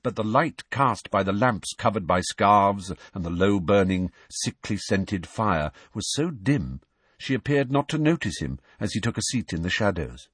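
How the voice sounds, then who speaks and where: A man's voice: lowish voice, expressive, normal speed, fairly bright tone, slightly rough, no room sound. A man narrating a storybook aloud, reading expressively. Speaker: audiobook narrator.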